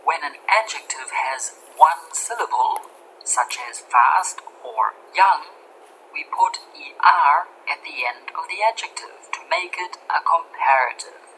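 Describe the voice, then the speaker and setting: A woman giving a scripted grammar lesson, speaking clearly and carefully and slowing down on example words. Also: deep voice, expressive, bright, forceful tone, slight background noise, low-quality recording. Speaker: English grammar teacher.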